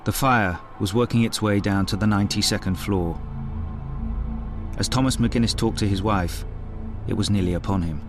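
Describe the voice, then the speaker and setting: A man narrating a documentary in a grave, measured way. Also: fairly low pitch. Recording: narration over music.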